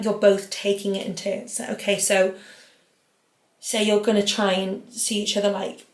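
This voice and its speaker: Chatty British woman with vocal fry. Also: mid-range voice. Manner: chatty, fills nearly every phrase with "like"; reads out listener letters, then answers them. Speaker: podcast host giving advice. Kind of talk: casual advice chat. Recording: roomy echo.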